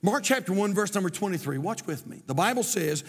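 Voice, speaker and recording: A man's voice: sits high, lively intonation, brisk. A middle-aged man, preaching a sermon as pastor, moving from folksy storytelling to emphatic preaching. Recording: long hall reverb.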